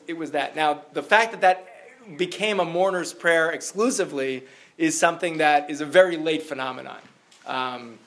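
A man teaching a class, answering questions and reading a story in a lively, chatty way full of fillers and restarts. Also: fairly high pitch.

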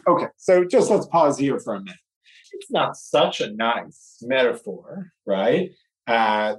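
A man teaching a text study lecture, animated and acting out the story, checking in with his listeners. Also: fairly high pitch, recorded from a distance. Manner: animated, acts out the story, asks "right?" often. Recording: roomy echo, speaker away from mic.

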